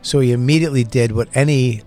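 A man in casual chat, telling a story with excitement, acting out shouted exchanges and laughing often. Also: mid-range voice, fast, faint music behind. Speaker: podcast guest storyteller.

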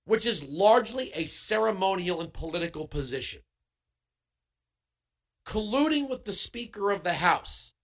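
A man's voice: high-pitched, pushed and bright. A man hosting a political talk radio show, delivering an emphatic, sarcastic monologue full of rhetorical questions.

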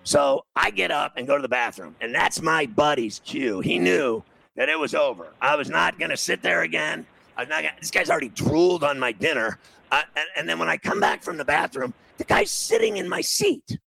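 A man's voice: fairly high pitch, sing-song, fairly quick, gravelly, sharp tone, poor audio. A middle-aged man from New City, telling a casual anecdote and acting out the quoted dialogue. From New York City.

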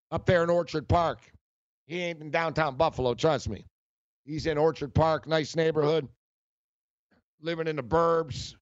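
A man's voice: fairly high pitch, dry recording, dull audio. A man hosting a sports talk show, ranting in a heated, mocking way and often repeating himself.

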